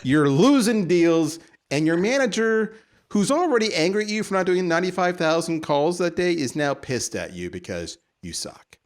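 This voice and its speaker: A podcast host with a Canadian accent speaks at a moderate pace in a high-pitched voice with lively intonation. His ranting monologue is theatrical and teasing, building up to punchlines.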